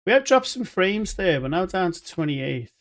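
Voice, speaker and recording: A man's voice: high voice, big pitch swings, normal speed, fairly bright tone. A man giving chatty, rambling live commentary on a game he is playing, with jokey asides. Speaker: streamer.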